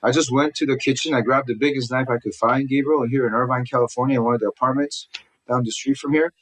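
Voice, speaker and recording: A man sits for an interview and tells his story at a rush. He stumbles into restarts and slips into the voices of people he quotes. His pitch sits in the middle range. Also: steady tone, fairly bright tone, rough recording. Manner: fast, earnest retelling full of restarts, acting out quotes. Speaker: guest telling his life story. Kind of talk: personal storytelling in a conversation. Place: lives in Southern California.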